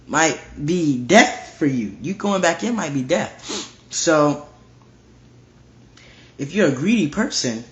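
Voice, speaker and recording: A man's voice: a little high, lively intonation, slow, long pauses. A man giving a casual verse-by-verse Bible study, reading scripture aloud and repeating his points with emphasis. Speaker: Bible teacher. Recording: roomy, dull lo-fi recording.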